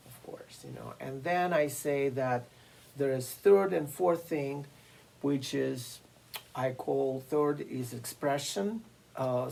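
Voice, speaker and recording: A piano teacher giving a masterclass lecture, explaining slowly and deliberately with frequent fillers and pauses. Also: medium pitch, vocal fry, darkish tone, slight background noise, low-quality recording. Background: occasional piano playing.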